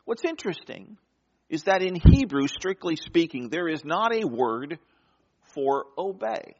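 A man preaching a sermon, swinging between loud, emphatic lines and hushed, quiet ones. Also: fairly high pitch, very animated, unhurried, lo-fi sound.

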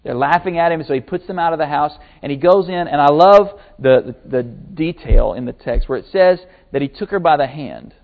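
Male pastor mid-sermon, slightly high voice, lively retelling, thin narrow-band recording. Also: fairly quick, hardly any pauses. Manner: animated storytelling, acting out quotes. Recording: tinny phone-like sermon recording.

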